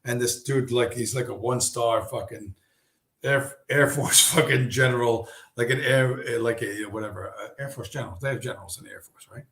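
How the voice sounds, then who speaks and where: A man's voice: medium pitch, normal speed, a bit bright. A man streaming a casual, rambling, profane monologue full of fillers. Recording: roomy echo.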